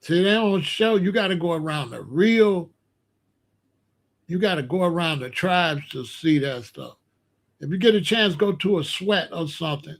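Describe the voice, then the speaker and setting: A man hosting a podcast, telling a story in a casual, animated and slangy way. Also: on the high side, normal speed. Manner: animated, slangy, explains with gestures. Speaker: podcast host.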